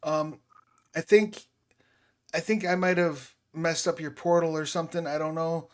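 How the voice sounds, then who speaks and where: A man's voice: on the high side, steady tone, normal speed, voice pushed up, close to an everyday voice. A man voicing a frightened teenage boy who stammers in a panic, in a tabletop game. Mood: scared.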